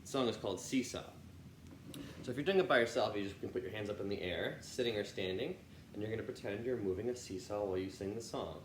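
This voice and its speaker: A man's voice: fairly low pitch, fast talker. A man teaching an online children's music lesson, with an upbeat, encouraging manner as he talks straight to the kids. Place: music room. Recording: roomy with faint ambient noise.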